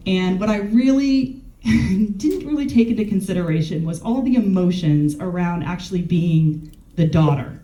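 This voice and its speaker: A woman speaks in a very dark, mellow tone, chatty and candid, laughing at herself now and then. Her voice rings a little in a roomy, echoing space. She talks with the ease of a gerontologist telling her own story. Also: fairly low pitch. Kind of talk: casual conversational storytelling. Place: warm room.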